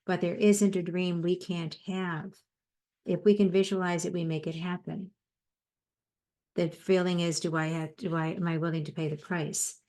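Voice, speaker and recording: Low-voiced woman giving a motivational talk. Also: a little mellow. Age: 50s or older. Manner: conversational, tells personal anecdotes. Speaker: psychotherapist and speaker.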